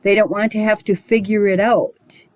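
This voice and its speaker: A woman giving a recorded spiritual lesson as its teacher, talking in a measured, musing way with small digressions. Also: medium pitch, steady tone, no echo, low-quality recording.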